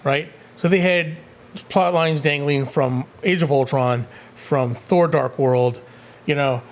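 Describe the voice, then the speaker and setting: A man's voice: a little high, takes it slowly. Upbeat man co-hosting a movie review chat. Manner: excitable, often acts out characters' lines in silly voices. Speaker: co-host of a movie review show. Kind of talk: casual spoiler review chat.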